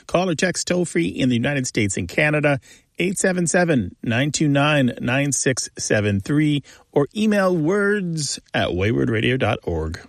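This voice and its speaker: Man, radio co-host, gravelly voice, dry close sound, enthusiastic explainer. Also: fairly high pitch, animated, unhurried, dry recording. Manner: enthusiastic, explains language points at length. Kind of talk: casual explanatory chat.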